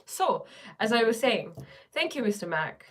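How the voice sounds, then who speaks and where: A woman's voice: a little high, big pitch swings, unhurried. A woman chatting casually on a livestream, rambling with many fillers and reading viewer comments aloud. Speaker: livestream host.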